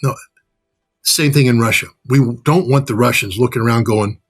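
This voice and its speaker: A man in his sixties from the United States giving blunt, sarcastic political commentary in a husky voice. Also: mid-range voice, moderate pace, faint music behind. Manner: blunt and sarcastic, mocks with put-on quoted voices.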